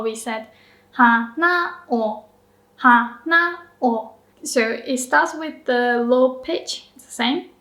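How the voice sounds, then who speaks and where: A woman teaching pronunciation in a friendly lesson, drilling words with exaggerated rising and falling pitch and laughing often. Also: fairly bright tone. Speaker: Japanese language teacher. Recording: roomy echo.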